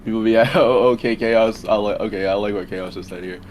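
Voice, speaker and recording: Guy, low-ish voice, rambling debater on a headset call with faint noise. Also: fairly even intonation, fairly quick, a little mellow. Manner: rambling, repeats and restarts while arguing. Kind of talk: casual debate chat.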